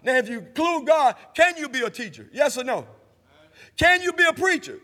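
Male preacher, high bright tone, call-and-response sermon, long church reverb. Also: expressive, moderate pace. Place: church sanctuary.

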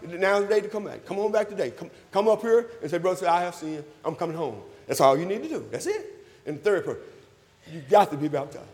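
A man preaching a sermon, calling for responses, repeating his phrases and rising to loud emphatic peaks. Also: high-pitched, big pitch swings, fast, big-room sound. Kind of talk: sermon with invitation call. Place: church hall.

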